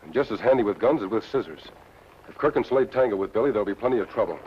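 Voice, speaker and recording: Male actor: commanding masked western lawman, fast low delivery, muffled vintage TV audio. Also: lively intonation, a little hiss or hum, natural voice. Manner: brisk, commanding. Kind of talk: 1950s TV western acting. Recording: muffled old TV soundtrack.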